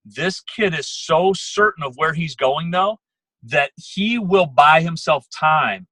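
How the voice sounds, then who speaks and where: A man rallying his sales team over a call, emphatic and driving, doubling up words as he presses on. His voice sits a little high and sounds bright and edged, with a slightly husky grain and a dry, close sound. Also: expressive, no room sound, low-quality recording. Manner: fast, emphatic, repeats words, coaching tone. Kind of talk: motivational team talk. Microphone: phone or computer call.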